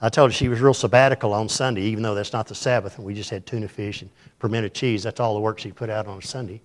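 A man's voice: on the low side, steady tone, fast talker. A pastor telling a folksy, humorous story in a sermon to his church.

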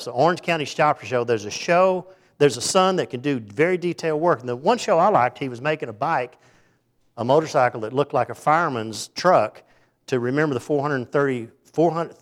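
Folksy middle-aged man telling sermon stories. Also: mid-range voice. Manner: folksy, rambling, conversational; acts out the people in his stories. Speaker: speaker giving a faith talk. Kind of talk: informal sermon with storytelling.

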